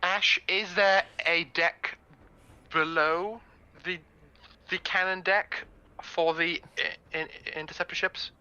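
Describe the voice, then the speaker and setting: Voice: mid-range voice, steady tone, slow pace, pushed and bright, clear, resonant tone, dull audio. A player in a tabletop game describing their character's actions, stumbling and repeating words.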